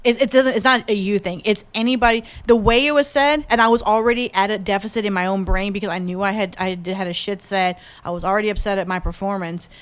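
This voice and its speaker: A woman's voice: mid-range voice, fairly even intonation, fast, few pauses. A young adult woman comedian talking in a casual podcast chat, blunt and self-mocking, swearing freely. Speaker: comedian guest.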